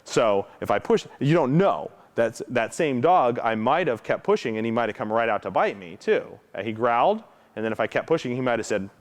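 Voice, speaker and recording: A man's voice: mid-range voice, expressive, a little fast, few pauses. A man explaining protection dog training to students in a casual teaching tone, often checking in with "right?" and acting out how dogs react. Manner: frequent tag question "right?"; acts out dog reactions with his own voice.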